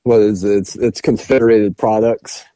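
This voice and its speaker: A man's voice: on the low side, fairly even intonation, moderate pace, mellow, dry recording, faint music behind. A man co-hosting a podcast, rambling through movie scenes in casual chat with lots of fillers. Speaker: podcast co-host. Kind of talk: casual film review chat.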